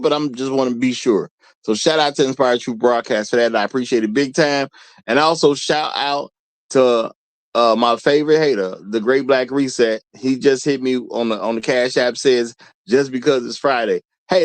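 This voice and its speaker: A man's voice: medium pitch, no echo. A man hosting a livestream, talking casually, reading chat aloud and repeating his phrases. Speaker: livestream host.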